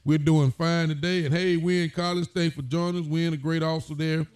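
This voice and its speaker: A man's voice: on the high side, flat delivery, brisk, darkish tone, clear, resonant tone. A man, a sheriff hosting a casual talk show, greeting viewers by name in a folksy way.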